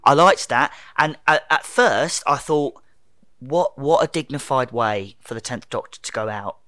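A man's voice: mid-range voice, unhurried, sharp tone, no echo. A young man ranting in casual chat, swearing freely and acting out quotes.

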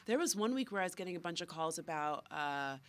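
A woman's voice: on the low side, expressive, quick pace, no room sound. A woman co-hosting a podcast in casual chat, telling stories and acting out quoted voices with animation; she is sick. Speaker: podcast co-host.

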